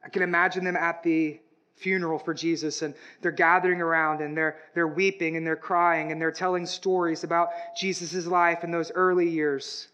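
A man preaching a sermon, swinging between hushed, slow passages and loud, rising declarations. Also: a little high, little pitch movement, smooth, dull audio. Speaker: pastor.

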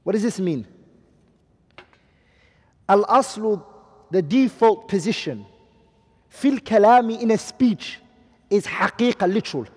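A man with a high voice teaches a class and checks often that his students are following. He says each Arabic term, then gives its English meaning. The sound carries a long hall reverb. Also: lively intonation, unhurried, pauses often, darkish tone, husky. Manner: asks the class questions, repeats and translates Arabic terms. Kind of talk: classroom lecture.

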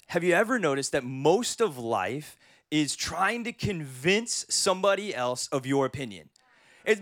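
A man in his thirties preaching a sermon as pastor, telling humorous stories in an animated way. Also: fairly high pitch, no echo.

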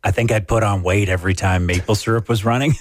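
A man's voice: fairly low pitch, fairly even intonation, quick pace, no echo, studio quality. A man co-hosting a casual radio show, telling jokey stories from home and acting out the voices of people he quotes. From Canada. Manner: jokey storyteller who acts out quoted voices. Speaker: radio co-host. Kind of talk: casual morning radio banter. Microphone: studio microphone.

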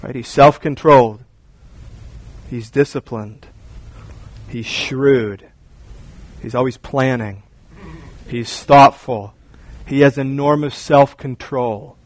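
A middle-aged man preaching a sermon, animated and storytelling, often repeating words as he builds his point. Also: medium pitch, slow pace, long pauses, no room sound. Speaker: pastor.

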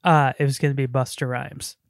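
A man's voice: mid-range voice, flat delivery, fairly quick, no room sound, clean studio sound. A man co-hosting a podcast in casual chat, joking and rambling, often laughing and slipping into silly voices. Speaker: podcast co-host.

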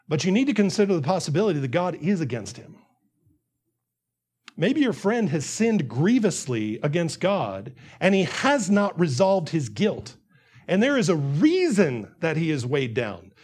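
A man's voice: fairly high pitch, darkish tone, breathy edge. A man preaching a sermon, earnest, repeating phrases and acting out the quotes he reads.

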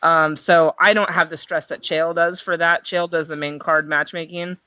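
A woman guest, a fight matchmaker, chatting in a casual interview, excitable and quick to laugh. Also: sits low, no echo, dull audio. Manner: excitable, laughs often, self-described nervous reactor. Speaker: MMA matchmaker and commentator, guest.

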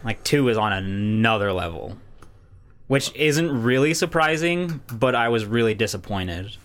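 A man's voice: mid-range voice, lively intonation, measured pace, fairly bright tone. A young man co-hosting a podcast, rambling through casual chat with lots of filler and free swearing. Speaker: podcast co-host.

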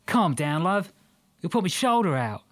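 A man's voice: high-pitched, very animated, normal speed, pitched above the performer's own voice. A man voicing a slight, wiry young male ship's crewman with an Australian accent, chatty and apologetic. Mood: pleading. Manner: chatty, apologetic, a bit petulant.

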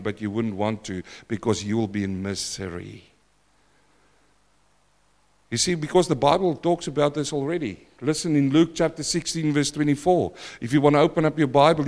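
A man preaching a sermon in a church, dramatic and repetitive, swinging between loud outbursts and hushed asides. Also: medium pitch, in a large hall.

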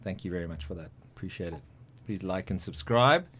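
A man's voice: low voice, lively intonation, a little fast, a bit bright, a little hiss or hum. A man hosting a podcast interview, chatty and joking, often correcting himself. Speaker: podcast host. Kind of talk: casual interview chat.

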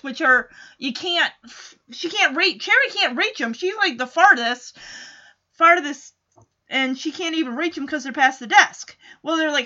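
A woman casually recaps an old TV episode for her viewers, chatty and wry throughout. Her voice is high and bright, and the recording sounds slightly dull. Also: lively intonation, moderate pace. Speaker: TV show recap host.

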